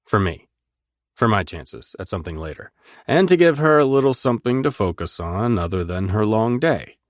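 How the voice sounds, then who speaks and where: Male audiobook narrator, deep voice, intimate and measured, dry booth sound. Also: sing-song, no room sound. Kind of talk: first-person romance narration.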